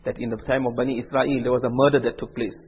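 A man's voice: mid-range voice, little pitch movement, very fast, slightly rough, big-room sound. A man preaching an Islamic sermon, telling stories in earnest, repetitive phrasing and acting out the dialogue. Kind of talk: sermon with storytelling. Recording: tinny lo-fi phone-like recording.

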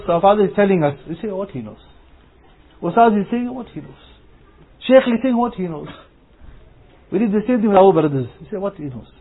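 A man's voice: high-pitched, breathy edge. A man giving an Islamic talk to young people, repeating phrases and asking rhetorical questions as he tells everyday stories. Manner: repetitive, rhetorical questions, anecdotal. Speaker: Muslim preacher. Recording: phone-like lo-fi.

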